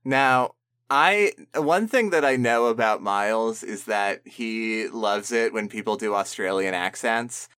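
A man's voice: on the low side, measured pace, a bit bright, clear, resonant tone. A man hosting a music podcast in casual, jokey chat, often restarting his sentences. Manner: jokey, laughing, stammering restarts. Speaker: podcast host.

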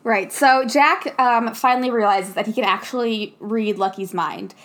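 Young woman, higher-pitched, casual podcast co-host who laughs a lot and mimics characters while retelling a film. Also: normal speed, fairly bright tone. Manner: laughs often, acts out quoted lines in funny voices. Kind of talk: casual movie recap chat.

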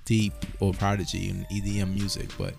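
Low gravelly guy rambling fast on a podcast, keeps saying you know what im saying. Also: monotone, a little mellow, faint music behind. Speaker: podcast co-host. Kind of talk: casual banter.

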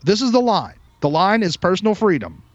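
A podcast host, a man with a somewhat high-pitched voice, rants heatedly and swears constantly. His delivery is emphatic and combative. The recording sounds muffled and lo-fi, with a dry, close sound and no room echo. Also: sing-song, fairly quick. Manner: heated, profane, emphatic ranting. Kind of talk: ranting podcast monologue.

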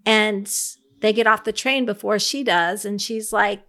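A woman's voice: mid-range voice, steady tone, a little slow, a bit bright. A woman co-hosting a podcast, reflectively retelling book scenes in casual book club chat. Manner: reflective storyteller, retells scenes with quoted thoughts. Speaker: podcast co-host.

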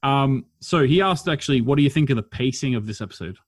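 A man hosting a casual podcast, chatty and quick to laugh, reading out listener comments. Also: mid-range voice, lively intonation, dry recording. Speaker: podcast host. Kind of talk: casual chat.

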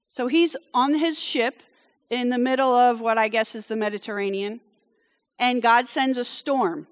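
High-voiced woman preaching in a reverberant hall. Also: fairly bright tone. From France. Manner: chatty, with frequent "okay?" check-ins and wry asides. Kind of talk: conversational sermon storytelling.

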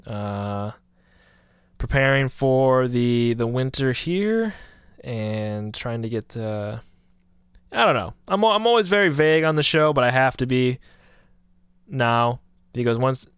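A man's voice: medium pitch, slow, clean tone, no echo, studio quality. A male radio host chatting casually with a caller, laid-back and teasing. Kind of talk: casual talk radio chat.

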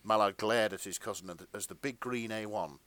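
A man's voice: lowish voice, a little fast, a bit bright. A man hosting a podcast, reading fan fiction aloud with jokes and laughter. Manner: laughs often, breaks to joke. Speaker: podcast host, narrator.

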